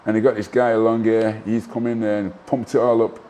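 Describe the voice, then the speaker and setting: A man, a former boxer telling animated anecdotes in a casual interview, full of asides and restarts. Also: fairly low pitch, fairly quick. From Manchester, England. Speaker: guest, former professional boxer.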